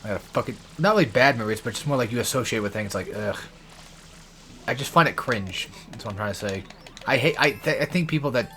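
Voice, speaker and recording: A man's voice: medium pitch, bright, forceful tone. Young man ranting over gameplay. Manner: profane, ranting, frequent swearing. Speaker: let's play gamer. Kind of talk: rambling gameplay commentary.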